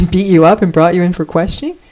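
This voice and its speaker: A woman doing a puzzled man in power who questions a prisoner briskly. His voice is low and warm and his pace is quick. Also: fairly even intonation, lightly acted, rough recording. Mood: questioning.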